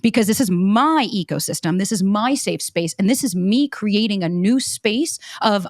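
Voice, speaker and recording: A woman's voice: medium pitch, lively intonation, moderate pace, hardly any pauses, no echo, clean studio sound. A woman in her thirties hosting a podcast in casual chat, emphatic and outspoken, swearing freely and acting out quotes. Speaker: podcast host.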